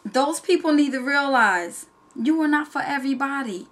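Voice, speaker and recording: A woman's voice: high-pitched, animated, normal speed, fairly bright tone. A woman with a Southern accent, giving sassy, direct motivational talk in a vlog about starting a business. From New Jersey. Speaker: home business entrepreneur.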